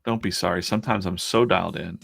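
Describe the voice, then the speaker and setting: A man reading as a gravelly, focused cartoon dog. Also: low voice, fairly even intonation, fast talker, fairly bright tone, no echo, soft background music, full character voice. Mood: apologetic.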